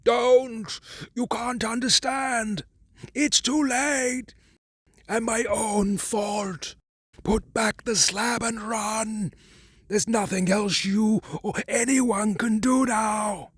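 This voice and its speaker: A man playing a terrified trapped man, high and frantic, swinging from shouts to hoarse whispers. The delivery is husky and dry, close to the mic, in a storybook reading. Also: fairly even intonation, extremely slow, dry recording, exaggerated voice. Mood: desperate. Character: terrified trapped man pleading from below ground.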